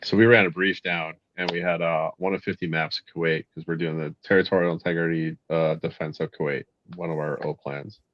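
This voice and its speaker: A man's voice: sits low, level tone, brisk, hardly any pauses, dull audio, a little hiss or hum. A man sharing service stories in a casual chat, dry and matter-of-fact. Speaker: military veteran guest.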